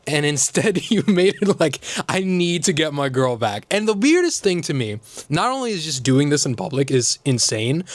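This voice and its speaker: A man's voice: fairly high pitch, no echo. A man hosting a casual comedic commentary, sarcastic and full of rambling asides. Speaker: host.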